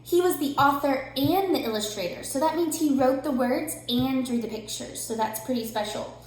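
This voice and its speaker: A young woman teacher giving an online reading lesson to children, bright and encouraging. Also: sits high, normal speed. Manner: bright, encouraging, sing-song. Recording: very echoey room.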